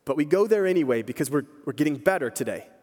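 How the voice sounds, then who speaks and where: Man, pastor, sermon, storytelling, high voice, long hall reverb. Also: lively intonation, quick pace, darkish tone. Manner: storytelling, conversational, emphatic.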